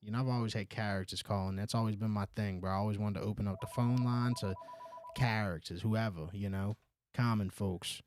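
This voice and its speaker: A man's voice: fairly low pitch, fairly even intonation, brisk, background noise. A man hosting a casual sports call-in show, with laid-back, profane banter. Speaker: radio call-in show host.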